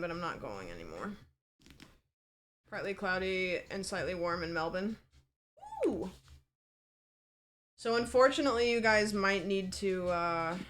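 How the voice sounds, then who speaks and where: A woman's voice: mid-range voice, fairly bright tone, slight background noise. A woman livestreamer chatting casually from a home setup, rambling and peppered with fillers and swearing.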